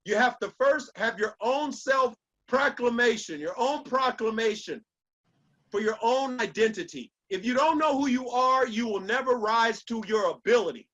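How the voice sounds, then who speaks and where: A man's voice: very high voice, expressive, moderate pace, a bit bright, muffled recording. A man giving a motivational speech with an emphatic, preacher-like cadence and lots of repetition. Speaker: motivational speaker.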